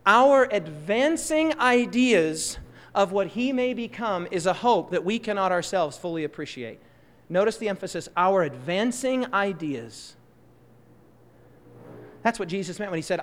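A man preaching a sermon in a church, impassioned, swinging between loud emphatic bursts and soft, slow asides. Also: high-pitched, in a large hall.

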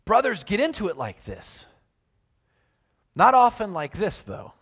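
A man preaching a sermon, telling stories and swinging between loud emphasis and hushed lines. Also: high-pitched, huge pitch swings, a little slow, slightly rough, big-room sound.

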